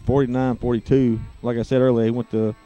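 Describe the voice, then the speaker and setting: Guy announcing high school football, dark mellow voice, kinda dull lo-fi audio. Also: fairly quick, soft background music. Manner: relaxed, chatty, many fillers. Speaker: play-by-play announcer.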